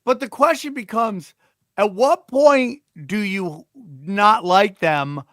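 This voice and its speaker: A man's voice: sits high, slow pace, a bit bright, dry recording, studio quality. A man hosting a comedy podcast, joking and riffing casually. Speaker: podcast host.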